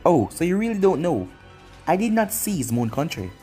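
A man's voice: fairly high pitch, big pitch swings, moderate pace, dark tone, soft background music. A man voicing a cruel, smug young male ninja who taunts his former friends with mocking chuckles.

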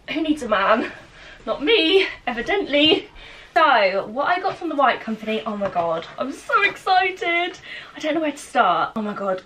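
Excitable woman, slightly husky. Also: fairly high pitch. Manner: gushing, excitable, self-deprecating. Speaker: lifestyle vlogger. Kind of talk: casual chatty haul vlog. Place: at home.

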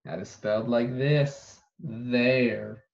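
A man teaching an online phonics lesson, saying each word slowly and repeating it for dictation. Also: medium pitch, fairly even intonation, creaky. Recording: dull lo-fi recording.

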